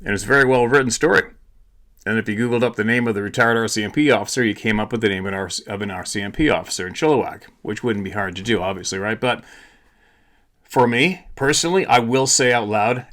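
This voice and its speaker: A man's voice: medium pitch, fairly bright tone. A tired man hosting his own channel, talking to viewers in a blunt, casual monologue with swearing, repeats and restarts. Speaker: channel host.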